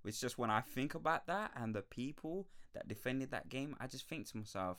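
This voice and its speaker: A man's voice: fairly low pitch, moderate pace, few pauses. Sweary young man ranting. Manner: sweary, animated ranting with frequent laughs. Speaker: podcast host. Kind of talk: casual ranting monologue.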